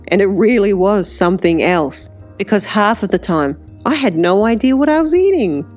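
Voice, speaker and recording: A woman narrating an audiobook in the first person, unhurried, sometimes dropping to a breathy whisper. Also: on the low side, darkish tone.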